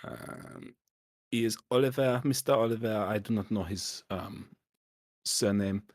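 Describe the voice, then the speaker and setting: A man's voice: on the low side, dry recording, clean studio sound. A man doing a haughty fake-French fixer. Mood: condescending. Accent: put-on French accent. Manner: haughty, slow and hesitant. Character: snobbish male city fixer, dismissive and scornful. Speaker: game master.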